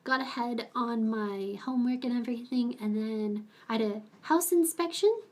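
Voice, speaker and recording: A woman's voice: normal speed, darkish tone. A young woman streaming from home, chatting casually with her viewers and talking to her pets now and then. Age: young adult. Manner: chatty, talks to her pets in a high baby voice. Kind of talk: casual livestream chat.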